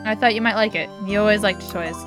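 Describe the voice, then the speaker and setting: A woman voicing a composed young woman lawyer who gently teases her younger sister, read aloud from a game. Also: mid-range voice, steady tone, quick pace, music in the background, voice pushed down, natural voice. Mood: calm teasing.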